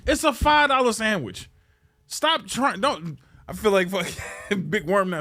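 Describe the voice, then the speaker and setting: A man's voice: high voice, measured pace. A man hosting a podcast, ranting in a casual, comedic way. He swears freely and sounds exasperated. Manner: profane, exasperated, animated complaining. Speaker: podcast host.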